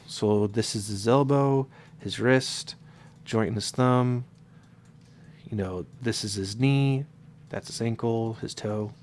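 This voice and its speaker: A man with a stuffed-up, congested nose, casually walking viewers through a modding tutorial, explaining loosely with fillers and self-corrections. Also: medium pitch. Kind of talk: casual screen-recorded tutorial.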